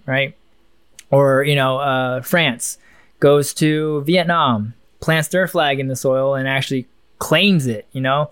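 A man's voice: medium pitch, takes it slowly, a bit bright, clean tone, no room sound, studio quality. A man co-hosting a casual podcast, thinking aloud in a musing, rambling way with many restarts. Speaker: podcast co-host.

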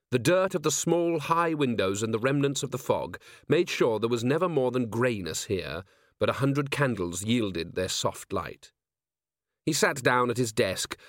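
The audiobook narrator is a man of medium pitch, delivering scripted text in a measured, even reading. The sound is dry and of studio quality.

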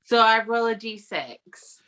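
A drunk woman playing a tabletop game, giggly with loud laughs. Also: fairly high pitch, lively intonation, measured pace, rough recording. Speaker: player. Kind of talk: casual tabletop game play.

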